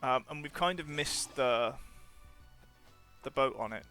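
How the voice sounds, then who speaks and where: A man's voice: mid-range voice, measured pace. A man streaming a farming game, rambling and trailing off as he plays and reads chat. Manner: rambling, trailing off, muttering to himself. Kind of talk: casual let's-play commentary. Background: soft game music.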